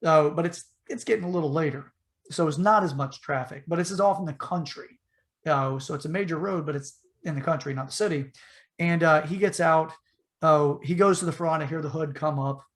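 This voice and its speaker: A man's voice: a little high, fairly quick. A man telling a long story casually on a podcast, rambling with fillers and acting out the voices. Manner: animated retelling, acts out the voices in his story; loose and rambling, with many fillers and restarts.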